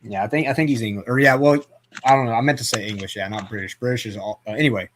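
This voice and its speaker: A man's voice: medium pitch, racing, fairly bright tone, a little hiss or hum. A man hosting a casual movie chat, rambling with lots of fillers and restarts. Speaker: podcast host.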